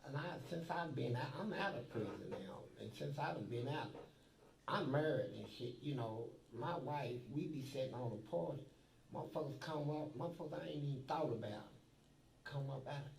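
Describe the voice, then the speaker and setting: A man's voice: medium pitch, moderate pace, creaky, echoey room, distant mic, a little hiss or hum, rough recording. A man telling blunt, profane stories from prison life in a streetwise way, recorded in an interview.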